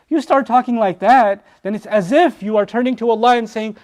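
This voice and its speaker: A man giving a lecture on Quran verses, animated, asking rhetorical questions and acting out what people say. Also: very high-pitched, a little fast, hardly any pauses. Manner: animated, rhetorical questions, acts out quoted voices. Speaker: Quran teacher.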